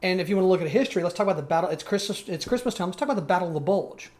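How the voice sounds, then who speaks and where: A man's voice: high-pitched, expressive, rapid-fire, darkish tone. A man co-hosting a podcast, telling a story in a rambling way with many restarts and fillers. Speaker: podcast co-host. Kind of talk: casual chat.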